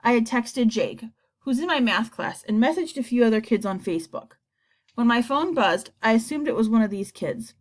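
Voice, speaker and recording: A woman narrating a children's story aloud in an expressive reading voice. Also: fairly high pitch, normal speed. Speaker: narrator, audiobook reader.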